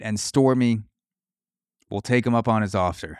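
A man's voice: on the low side, moderate pace, a little mellow, clean tone, no echo, clean studio sound. Profane man riffing solo. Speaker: podcast host. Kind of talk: comedic solo monologue.

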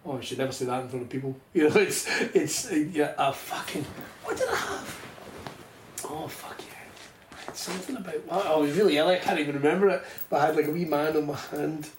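A man's voice: a little high, fast talker. A Scottish man co-hosting a podcast, telling rambling anecdotes with lots of swearing and laughter. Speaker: podcast co-host. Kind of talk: casual chat. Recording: echoey room, faint noise.

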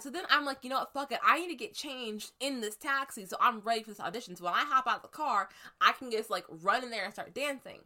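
A woman from the United States telling a story in casual chat, lively and animated, acting out the voices she quotes. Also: high-pitched, fast talker.

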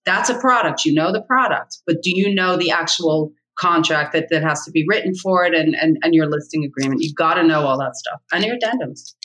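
Bright, emphatic woman real estate mentor. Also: sits low, animated, a little fast, hardly any pauses, low-quality recording. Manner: emphatic, blunt, repeats points for stress. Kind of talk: podcast interview answers.

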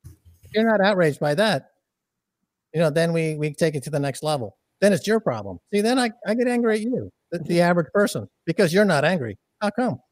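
Brief: male guest, high voice, dry close sound, fiery and profane, loves a good rant. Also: brisk, dry recording. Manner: animated, profane, ranting delivery. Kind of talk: casual podcast chat.

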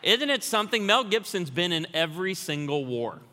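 A man, a guest pastor, preaching a humorous sermon full of stories in an animated way in a church. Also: high voice, fairly quick. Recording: church hall reverb.

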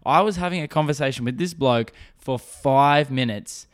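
Brief: young Aussie podcast host, resonant mid-pitched voice, casual swearing storyteller who laughs at himself. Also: male voice, normal speed, hardly any pauses, smooth. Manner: rambling, profane, self-mocking.

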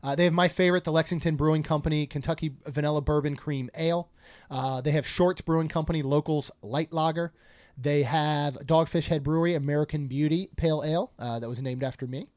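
A man's voice: fairly high pitch, fairly even intonation, brisk, darkish tone, dry recording. Chatty man co-hosting a podcast, dry sound. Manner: chatty, jokey, reads menu items aloud. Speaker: podcast co-host. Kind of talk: casual podcast chat.

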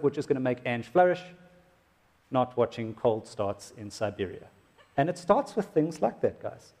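A man's voice: a little high, a little mellow. A man preaching a sermon to husbands in a church, joking and exclaiming as he goes. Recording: echoey hall reverb.

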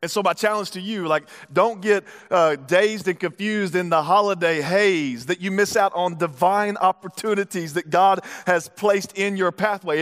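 High-voiced pastor preaching in a hall. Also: male voice, a bit bright. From United States. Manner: casual, joking asides. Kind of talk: sermon.

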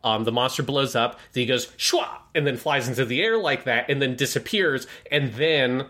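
A man's voice: mid-range voice, normal speed. A man co-hosting a film podcast, talking enthusiastically in casual chat and acting out lines from the show. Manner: enthusiastic, acts out shouted lines in quotes. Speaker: podcast co-host.

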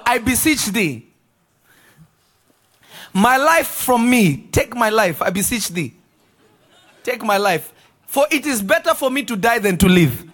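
Animated high-voiced preacher man. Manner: animated, shouting and acting out quotes, laughing. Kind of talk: lively sermon. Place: church.

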